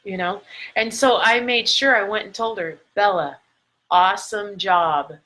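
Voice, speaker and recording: Woman, middle-aged, motivational speaker, bright clear tone, stretched emphatic words, recorded into a phone. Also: medium pitch, poor audio. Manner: emphatic, drawn-out stresses on key words. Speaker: life coach. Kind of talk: motivational talk to camera. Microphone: phone or camera mic, recording a live video.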